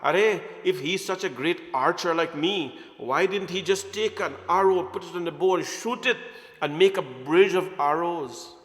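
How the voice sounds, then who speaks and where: A man telling a devotional story as a sermon, animated and chuckling, mixing in Hindi words. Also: high voice, moderate pace. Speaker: preacher. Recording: echoey hall reverb.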